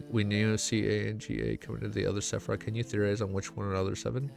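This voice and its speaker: A young man chatting casually on a live stream while reacting to a web novel, excitable and swearing often. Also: lowish voice, brisk, gravelly, soft background music.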